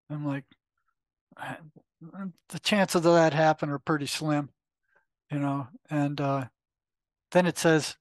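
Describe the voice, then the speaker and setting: An older man recounts a story in an animated way, stopping often to voice the exchanges in his head. His voice sits a little high for a man. The sound is dry and close, with no room around it. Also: a little slow, pauses often, no echo. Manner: animated retelling with quoted inner dialogue, frequent fillers. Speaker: guest, retired psychotherapist. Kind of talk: conversational storytelling.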